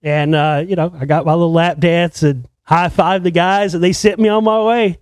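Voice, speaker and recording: A man's voice: a little high, steady tone, moderate pace, no echo. Profane rambling storyteller man. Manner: profane, rambling, with many restarts. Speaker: filmmaker telling a story. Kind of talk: casual storytelling.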